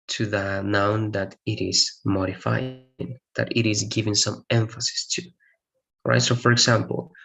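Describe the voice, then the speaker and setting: A man with a gravelly voice and a Spanish accent explains grammar to a class, pitch jumping up on key points. He keeps asking "right?" to check understanding. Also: poor audio. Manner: repeats "right?" to check understanding, lively emphasis. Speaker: English teacher.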